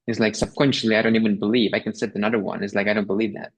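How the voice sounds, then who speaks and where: A man hosting a podcast speaks in a reflective, halting way, searching for his words and restarting phrases. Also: fairly low pitch, flat delivery, husky, low-quality recording. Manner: hesitant, many fillers and restarts, reflective. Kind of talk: conversational podcast talk.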